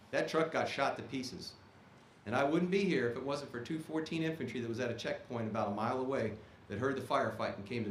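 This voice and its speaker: A man's voice: medium pitch, slight background noise. Emphatic man speaking in an echoey auditorium. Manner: emphatic, punctuates points with "okay?". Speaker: guest speaker, Army officer. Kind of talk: ceremony speech. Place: performing arts auditorium.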